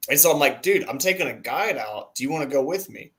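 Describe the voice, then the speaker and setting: A man's voice: on the high side, animated, quick pace, fairly bright tone. Laughing man telling a fishing story. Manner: laughing storyteller, acts out quotes. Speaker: co-host. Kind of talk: casual chat.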